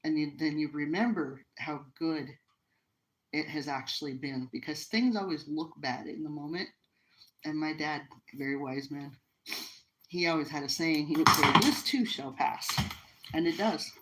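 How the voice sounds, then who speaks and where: A middle-aged woman from the United States talks with a low, deep voice. She tells a personal story casually and earnestly, with emotion and frequent restarts. She is hosting a live stream from home by the fire. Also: normal speed, a bit bright, poor audio. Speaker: livestream host.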